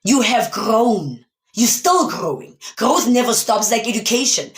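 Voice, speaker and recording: A woman's voice: a little high, big pitch swings, measured pace. A woman from South Africa giving a motivational talk on a live stream, speaking emphatically and asking many rhetorical questions. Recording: echoey room.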